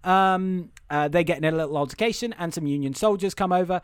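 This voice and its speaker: Young guy rambling thru a movie plot, swears a lot, highish voice, dry sound. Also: a little fast, clear, resonant tone, no room sound. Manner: rambling, profane, amused. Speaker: podcast host. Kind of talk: casual film recap.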